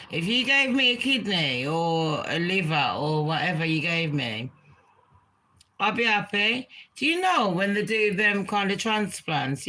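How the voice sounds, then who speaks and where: A woman's voice: on the low side, bright, forceful tone, poor audio. A woman chatting casually as a celebrity gossip vlogger, rambling and swearing freely. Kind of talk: casual chat.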